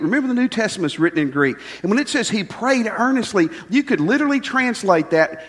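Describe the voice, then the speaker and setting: An older man preaching, his voice sitting a little high for a man. He talks in a folksy, conversational way, asking the congregation questions. The sound carries a long reverb from the church hall. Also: a bit bright. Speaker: pastor. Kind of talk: sermon. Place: church sanctuary.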